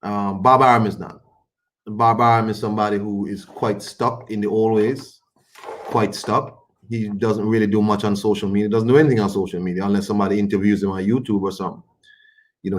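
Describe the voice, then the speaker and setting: A man giving loose, colloquial boxing commentary on his own livestream, rambling in a casual chatty way. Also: on the low side.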